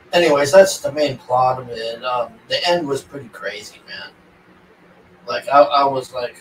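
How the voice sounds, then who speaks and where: A man's voice: mid-range voice, fairly bright tone. A man casually recapping a movie plot for his viewers, rambling and swearing, with lots of "like" and "and all this". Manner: rambling, profane, heavy filler words. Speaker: vlogger reviewing a movie. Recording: roomy, distant mic with faint ambient noise.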